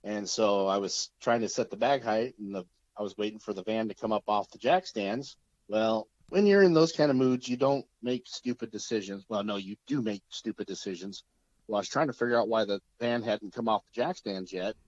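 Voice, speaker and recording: A man from Oregon, a podcast guest, telling a story in a casual, easygoing way and laughing through the rough parts. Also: on the low side, brisk, no echo. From Oregon, USA. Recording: dull lo-fi sound.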